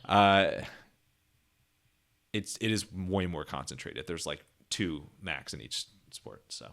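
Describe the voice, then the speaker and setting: Deep-voiced man hosting a chatty podcast. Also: expressive, takes it slowly, creaky, fairly bright tone. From Ohio, United States. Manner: chatty, laughing, many fillers and restarts. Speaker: podcast host. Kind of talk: casual interview chat.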